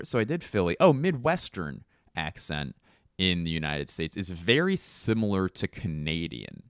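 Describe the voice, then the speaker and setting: A man with a low, smooth voice delivers a rambling comic monologue. He is self-mocking and curses freely, and the recording is close and dry. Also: big pitch swings, normal speed, dry recording.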